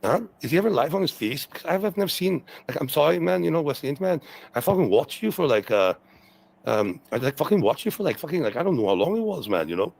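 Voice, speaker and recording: A man's voice: a little high, big pitch swings, fast, gravelly, darkish tone, rough recording. A man ranting on a livestream, profane and repetitive, with many fillers and constant "okay"s. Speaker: streamer in a replayed stream clip. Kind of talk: rambling livestream rant.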